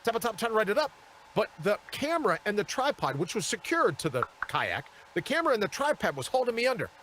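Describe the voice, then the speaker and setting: A man hosting a live show from a studio, telling a story with lots of animation and acting out each character. His voice sits a little high for a man, and it rises and falls constantly as he talks. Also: fast talker, slight background noise. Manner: animated, acts out the people in his stories. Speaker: talk show host.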